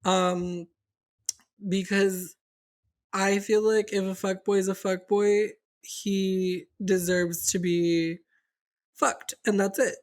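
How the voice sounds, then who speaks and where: A woman's voice: medium pitch, level tone, slow pace. A young adult woman co-hosting a podcast, telling a candid story in casual chat, rambling and swearing with lots of fillers. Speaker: podcast co-host.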